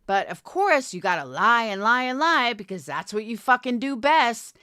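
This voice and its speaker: A woman's voice: fairly high pitch, big pitch swings, moderate pace, pushed and bright, smooth, dry recording, studio quality. A woman commentary creator delivering a profane, contemptuous callout rant, confrontational throughout. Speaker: commentary YouTuber.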